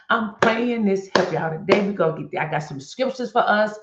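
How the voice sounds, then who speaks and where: A woman hosting a faith-based wellness stream, talking straight to her viewers and coaching them through an exercise in a lively, animated way. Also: mid-range voice, moderate pace, reverberant, muffled recording, very noisy. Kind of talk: live-stream coaching talk.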